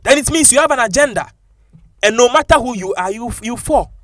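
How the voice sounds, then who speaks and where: A man with a Ghanaian English accent giving animated, opinionated commentary and mixing local-language phrases into his English. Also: very high voice, brisk, dry recording, studio quality.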